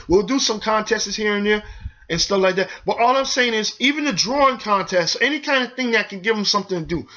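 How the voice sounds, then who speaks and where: Fast-talking young man. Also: high voice, sharp tone, highs cut off. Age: young adult. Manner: preachy, urgent, addresses viewers directly. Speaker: show host. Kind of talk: earnest community advice monologue.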